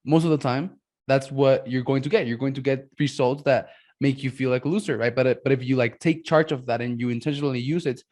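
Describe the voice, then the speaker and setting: A man's voice: medium pitch, steady tone, brisk, a little mellow. A man hosting a podcast, talking enthusiastically and tagging his points with "man" and "right?". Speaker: podcast host. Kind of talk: casual interview talk.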